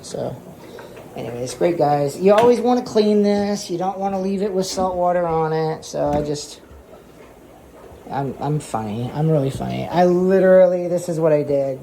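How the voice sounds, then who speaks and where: Man, casual hobby vlogger at home, rambling and self-amused, with a dark, gravelly voice. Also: fairly high pitch, expressive, moderate pace, slight background noise. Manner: rambling, repeats himself, chatty and self-amused. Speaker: aquarium hobbyist channel host. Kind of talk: casual show-and-tell vlog.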